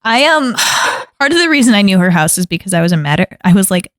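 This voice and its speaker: Podcast co-host: expressive woman, lively, swinging pitch, giggly, dry sound. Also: no room sound. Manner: expressive, giggly, quick to laugh. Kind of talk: casual chat.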